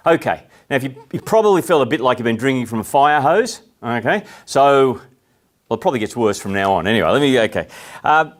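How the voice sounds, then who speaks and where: Middle-aged Australian man, relaxed speaker addressing a crowd, lots of questions to the room. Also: mid-range voice. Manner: conversational, asks the audience questions. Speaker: speaker giving a talk. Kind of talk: talk to a live audience.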